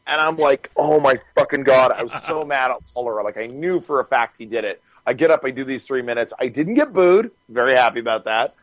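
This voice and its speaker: Animated, swearing man telling a story. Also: medium pitch, fairly quick, hardly any pauses, no room sound, highs cut off. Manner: animated, swears freely, laughs while telling stories. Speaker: podcast guest. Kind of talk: casual storytelling.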